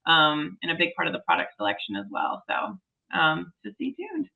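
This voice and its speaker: A woman's voice: fairly low pitch, wildly swooping pitch, normal speed, gravelly, highs cut off, background noise. A woman in her forties, a podcast guest, telling a story in casual, enthusiastic chat.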